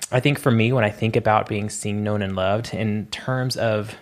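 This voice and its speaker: A man's voice: lowish voice, steady tone, moderate pace. A man co-hosting a faith podcast, a stage performer reflecting in a rambling, hesitant way. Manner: rambling, lots of fillers and restarts, reflective. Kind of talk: casual reflective podcast chat.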